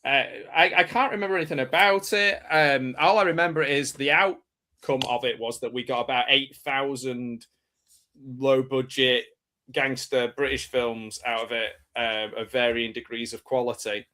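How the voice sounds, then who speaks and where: A man's voice: medium pitch, steady tone, normal speed, pushed and bright. A man hosting a live watch-party stream, chatting casually and laughing often. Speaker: stream host.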